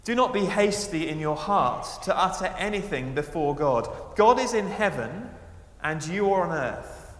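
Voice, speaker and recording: A male preacher delivering a sermon with a fairly high voice. He swings between raised, emphatic lines and quiet asides. The sound carries a long, roomy echo from a church hall. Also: expressive, moderate pace.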